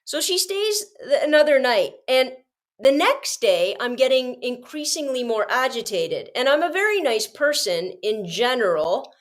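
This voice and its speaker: A woman's voice: sits high, sing-song, measured pace. A woman podcast host telling a long story in casual chat, rambling with frequent restarts.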